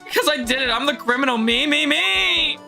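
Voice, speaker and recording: A woman's voice: on the low side, animated, moderate pace, sharp tone, soft background music. A woman voicing a nervous young male defendant who keeps insisting he is guilty, in a whiny, eager voice. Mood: pleading.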